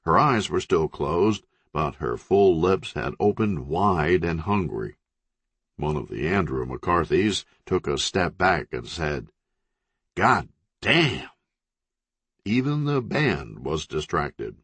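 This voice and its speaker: A man narrating a crime novel audiobook with expressive, dramatic storytelling. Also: very deep voice, slow pace, husky, dry recording.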